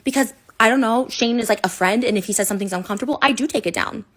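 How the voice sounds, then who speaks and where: A woman's voice: medium pitch, a bit bright. A woman in her thirties, upset, venting in a personal rant full of "like" and restarts. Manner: upset, rapid and repetitive, many "like"s and restarts. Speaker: online personality. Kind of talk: emotional personal rant to camera.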